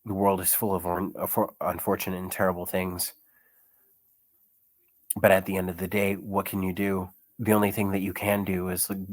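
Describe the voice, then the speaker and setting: In a casual commentary vlog, a sick young man with chest congestion reads comments, chuckling often and rambling with many fillers. His voice is deep, and there's no room sound.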